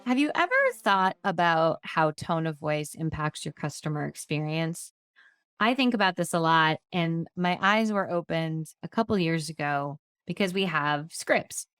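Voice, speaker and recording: Low-voiced woman giving a candid training talk. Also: measured pace, fairly bright tone, smooth, no echo, studio quality. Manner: conversational, candid, practical. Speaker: insurance agency trainer.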